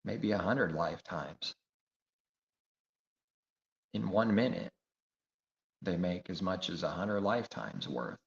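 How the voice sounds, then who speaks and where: A man's voice: deep voice, animated, slow pace, gravelly, long pauses. A man preaching a sermon, emphatic and repetitive, firing rhetorical questions. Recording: echoey room, dull lo-fi sound.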